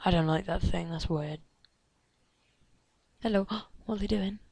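An excitable woman narrating her game in a slow, unhurried let's play commentary, gasping and chattering at the characters on screen. Her voice sits a little low and sounds dry and close, and she often drops into hushed whispers. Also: creaky, breathy edge, dry recording. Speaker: gamer.

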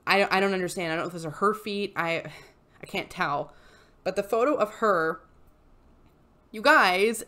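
A woman's voice: medium pitch, fairly bright tone. Exasperated ranting woman vlogger. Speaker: YouTube host reading posts. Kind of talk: casual commentary vlog.

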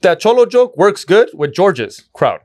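A man's voice: sits high, very animated, measured pace. A man co-hosting a podcast, telling loose, profane stand-up stories and acting out the people he quotes. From Mexican-American. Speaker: podcast co-host. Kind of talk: casual chat.

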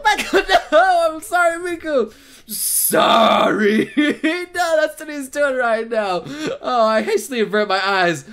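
A man hosting a let's play, reading the game's text aloud between loud, excitable reactions: yelps, shrieks, laughter and plenty of swearing. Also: very high voice.

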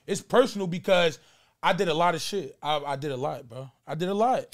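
Fast-talking high-voiced man. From New Jersey. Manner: emphatic, repeats himself, talks fast. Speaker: guest. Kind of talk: casual chat.

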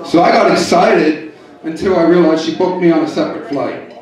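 A middle-aged male comedian tells his set in a deadpan way and picks on people in the crowd. His voice sits a little high. He sounds distant in a roomy club, with a lively audience laughing around him. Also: fairly quick. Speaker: stand-up comedian. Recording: echoey club from far off.

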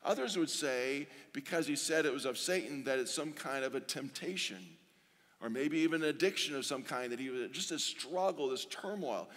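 A man preaching a sermon as pastor, earnest, slowing down to read scripture and repeating pleading phrases. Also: mid-range voice, fairly bright tone. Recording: long reverb of a large hall.

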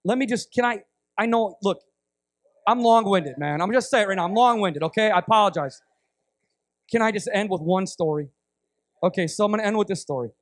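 A middle-aged man from the United States preaching a sermon, telling a story in an animated, rambling way that often breaks off and restarts. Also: high voice, brisk, pauses often, no echo. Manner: animated, rambling, self-interrupting. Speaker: guest preacher.

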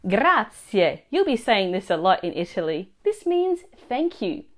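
A woman teaching a language lesson, explaining phrases and their pronunciation clearly and slowly. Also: medium pitch, very animated. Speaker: Italian teacher.

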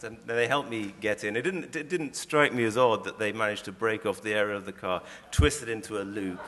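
An Englishman telling a story about himself, lively and self-deprecating, then reading an extract from his own book in a calm voice. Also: fairly low pitch, moderate pace, in a large hall, very noisy. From England. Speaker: author giving a talk.

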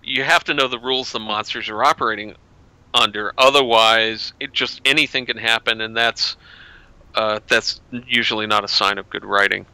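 A man's voice: lowish voice, fairly even intonation, normal speed, sharp tone, smooth, no room sound, rough recording. A man in casual chat as a guest author, rambling and often restarting his sentences.

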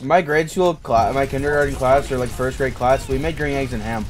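A young man chatting with friends at his home gaming setup, with loud, animated trash talk and sudden yells. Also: medium pitch, brisk. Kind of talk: casual gaming chat.

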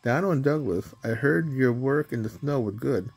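A man's voice: mid-range voice, expressive, creaky, husky. Man voicing the stern railway boss. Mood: formal. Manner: measured and formal.

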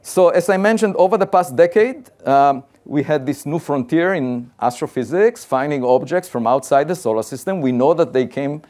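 A man's voice: fairly high pitch, expressive, moderate pace, few pauses, darkish tone. A man, an astrophysicist, giving a conversational public science talk and building his arguments point by point in a plain-spoken, insistent way.

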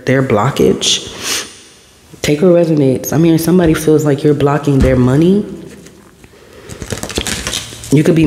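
A man giving an intuitive tarot reading to camera, talking in a meandering, repetitive way as the messages come to him. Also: a little high. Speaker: tarot reader. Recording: echoey room with long reverb and steady background noise.

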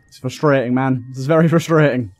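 Young male gamer, excitable commentary, mid-pitched, faint game music underneath. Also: fast talker, dry recording. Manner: excitable, frustrated outbursts and swearing. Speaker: gaming YouTuber. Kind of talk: let's play commentary.

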